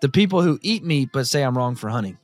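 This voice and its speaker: A man hosting a podcast in casual conversation, with a mid-pitched voice. He is blunt and opinionated, and the sound is dry and close. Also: animated, fast talker, darkish tone, no room sound, faint music behind. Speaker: podcast host.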